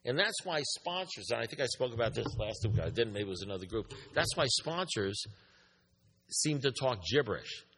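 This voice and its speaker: A man's voice: medium pitch, sing-song, normal speed, noisy background. A man speaking to a recovery group, telling a story with emphasis, repeating his points and asking the room questions. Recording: echoey hall.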